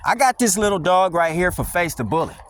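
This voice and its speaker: A man's voice: high-pitched, sing-song, fairly quick. A man filming a casual vlog on a windy wooded walk with his dog, talking in a blunt, mocking, slangy rant. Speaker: dog vlogger. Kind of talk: casual walking vlog monologue.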